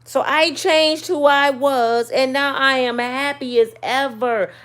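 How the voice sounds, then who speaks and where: A middle-aged woman, telling viewers a personal story in a casual, sassy, animated way. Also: sits high, slow pace. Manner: animated, sassy, swings between loud and soft. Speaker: channel host.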